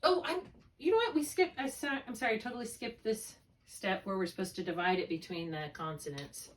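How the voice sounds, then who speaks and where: Speaking fairly quickly in a mid-range voice, this woman tutors a single student in reading. She patiently breaks spelling rules down step by step and keeps checking that they make sense, all picked up on a distant mic.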